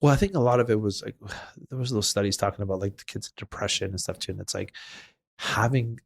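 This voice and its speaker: A man's voice: on the low side, fast, vocal fry. A middle-aged man in casual podcast conversation, talking in an earnest, emotional, rambling way. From Canada. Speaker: podcast host.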